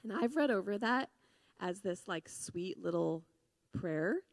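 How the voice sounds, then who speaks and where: Woman preacher, conversational sermon, earnest, fillers and restarts, dry sound, mid-pitched. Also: measured pace, no echo. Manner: swings between hushed grief and lively emphasis.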